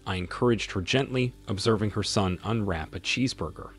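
A man narrating a scripted first-person story in a measured, expressive reading. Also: on the low side, slightly rough, faint music behind.

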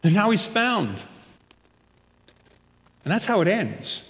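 A male pastor preaches in an expressive style, swelling loud on key words and dropping soft at the ends of phrases. His voice sits slightly high and carries a long reverb from the church hall. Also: takes it slowly. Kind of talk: sermon. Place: church sanctuary.

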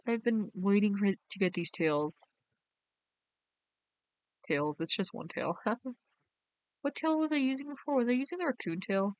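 A woman's voice: mid-range voice, lively intonation, unhurried, pauses often, clean tone, no room sound. A young woman, chatting casually on a game live stream and reading her chat aloud in a bubbly way. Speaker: game livestreamer.

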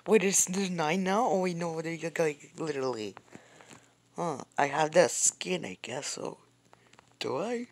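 A woman's voice: sits low, a little slow. A woman giving live commentary while playing a game, rambling and jumpy, with many fillers and repeated words. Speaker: gamer.

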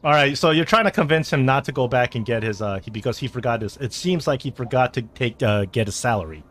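A man narrating a tabletop game as game master, halting with many fillers. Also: medium pitch, animated, a bit bright.

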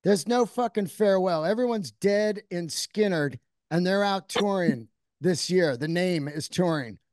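A man's voice: high-pitched, unhurried, no echo, studio quality. A man hosting a podcast in casual chat, telling stories animatedly and swearing freely while he acts out what people said. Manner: profane, animated storyteller, acting out quotes. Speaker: podcast host.

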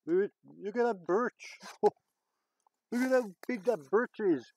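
A man vlogging outdoors in the woods, exclaiming excitedly and chatting to his viewers as he explores. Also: high voice, takes it slowly, a little hiss or hum, low-quality recording. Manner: excitable, lots of exclamations and chuckles. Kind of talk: casual vlog commentary.

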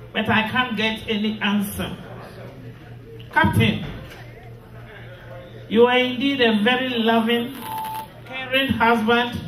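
A middle-aged woman from Ghana, slowly reading a grieving, tearful funeral tribute as a widow. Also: on the high side, fairly bright tone. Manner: slow, grieving, tearful delivery. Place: funeral hall. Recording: echoey hall from far off with music.

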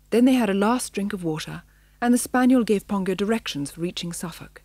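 A woman reading a children's novel aloud in a measured, expressive storybook narration, in a studio. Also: mid-range voice, no echo. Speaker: audiobook narrator. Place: recording studio.

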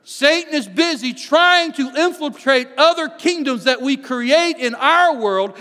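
Man pastor, very high voice, earnest sermon with restarts, church hall reverb. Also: expressive, measured pace, sharp tone. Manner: earnest preaching with frequent restarts, reads scripture aloud. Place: church sanctuary. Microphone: microphone on stage.

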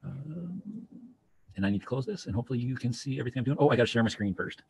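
A man's voice: medium pitch, animated, very fast, a little mellow, slight background noise. A man teacher narrating a screen-share tutorial, thinking aloud loosely as he works.

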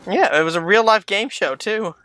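Co-op gamer, casual commentary, directs teammate, crisp tone, bright. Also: mid-range voice, normal speed, no echo, faint music behind. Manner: steady, explains and directs. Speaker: co-op player.

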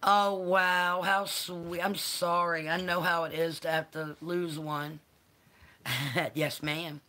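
Woman, unhurried, bright voice, affectionate live-stream host. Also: fairly low pitch, flat delivery. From North Carolina. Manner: affectionate, calls viewers honey and baby. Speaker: channel host. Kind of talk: live-stream chat, greeting viewers.

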